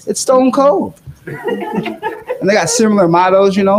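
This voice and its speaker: A man's voice: sits high, huge pitch swings, a little slow, a crowd in the background. Laid-back young male stand-up comic. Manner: laid-back, chuckles between jokes. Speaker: stand-up comedian. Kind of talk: stand-up set. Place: comedy studio stage with live audience.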